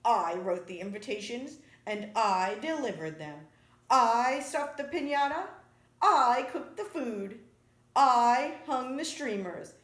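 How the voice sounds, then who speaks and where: A woman's voice: fairly high pitch, animated, slow pace, pitched above the performer's own voice. Iguana, a woman doing a bossy, exasperated lady iguana. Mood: furious. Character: fussy hard-working female iguana. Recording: echoey room.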